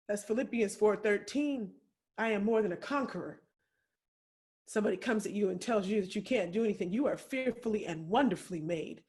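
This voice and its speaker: A woman's voice: mid-range voice, a little fast, darkish tone. A woman giving an impassioned, preacher-like keynote speech, repeating phrases for emphasis, tearful at times. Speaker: keynote speaker. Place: home, remote video address.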